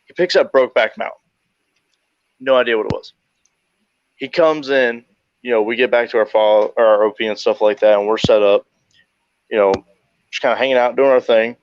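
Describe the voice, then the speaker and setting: A man, an army veteran, telling a deployment story in an animated, laughing way and swearing freely. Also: medium pitch, brisk, long pauses, clean tone, dry recording. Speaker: podcast guest, army veteran. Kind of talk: casual storytelling. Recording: dull lo-fi dry audio.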